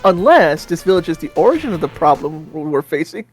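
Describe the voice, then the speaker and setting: A man's voice: a little high, sing-song, fairly quick, soft background music. A man co-hosting a game stream, chatting casually and reading viewer comments aloud.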